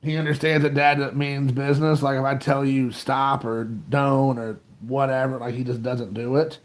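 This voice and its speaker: A man's voice: mid-range voice, little pitch movement, moderate pace. A man in his thirties, co-hosting a podcast, telling a rambling, self-mocking childhood story in casual chat.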